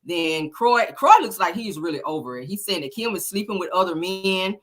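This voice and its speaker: A woman's voice: fairly low pitch, expressive, moderate pace. A woman hosting a celebrity gossip show, talking in a chatty, exasperated, slangy way. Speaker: show host.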